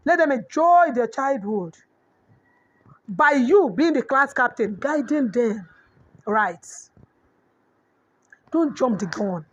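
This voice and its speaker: A woman's voice: sits high, animated, takes it slowly, long pauses. A middle-aged woman with a Nigerian accent giving a preachy parenting talk, mixing in Yoruba proverbs. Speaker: parenting coach. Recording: dull lo-fi audio.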